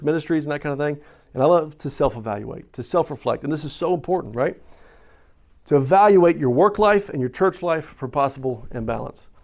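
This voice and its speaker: A man's voice: fairly high pitch, vocal fry, darkish tone. A middle-aged man preaching a sermon in a conversational way, asking questions and often checking in with "right?". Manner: conversational, asks questions and tags lines with "right?". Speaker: pastor.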